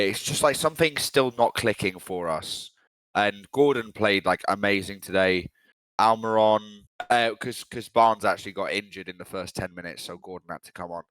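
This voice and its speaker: A young man talks football in a loose, rambling, sweary way. His voice sits low. It is recorded dry and close, with no room sound. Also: a bit bright, no echo. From England. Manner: blunt, sweary, rambling fan talk. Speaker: podcast co-host. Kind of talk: casual football chat.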